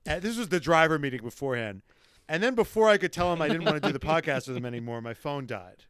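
A man tells a story on his podcast with lots of swearing and acted-out quotes. His voice is bright and carries a lively, rising and falling pitch. The sound is dry and close to the mic. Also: fast, smooth, no echo. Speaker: podcast co-host. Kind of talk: casual chat.

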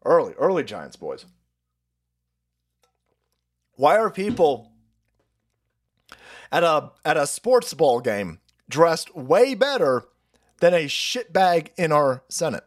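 A man hosting a political live stream, ranting in profane, mocking commentary that swings between shouts and low mutters. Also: huge pitch swings, slow, long pauses.

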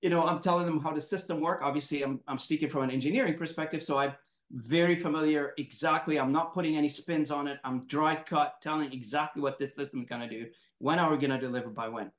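Host, male, slightly high voice, animated storyteller, roomy echo. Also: fast talker. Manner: animated, laughing storyteller who acts out quotes. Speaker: podcast host, moderator. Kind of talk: casual storytelling in conversation.

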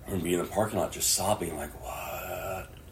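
A middle-aged man preaching a sermon, dropping to hushed whispers and rising to loud, impassioned appeals. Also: low-pitched, steady tone, fairly quick, gravelly, slight background noise. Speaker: pastor. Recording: echoey room with faint ambience.

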